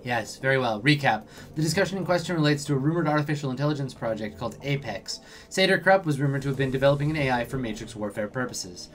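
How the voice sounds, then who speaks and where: A man reads as a rigid, artificial stand-in for a woman hacker in a cyberpunk game. The delivery is formal and precise, at an everyday pitch, with faint music behind it. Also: expressive, quick pace, natural voice.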